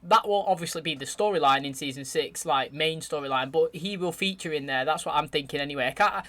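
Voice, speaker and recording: A man hosting his channel, chatting excitedly as he reacts to a show's finale and addresses his viewers directly. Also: on the high side, brisk. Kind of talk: casual reaction commentary.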